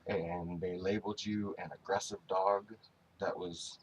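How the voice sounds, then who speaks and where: A man with a deep, low voice talks to his dog in a loose, rambling way, stopping and restarting his phrases as he goes. It is a casual spoken tribute, affectionate and unscripted. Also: little pitch movement, a little slow, highs cut off, a little hiss or hum. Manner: fondly addresses his dog directly. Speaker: dog owner giving a tribute.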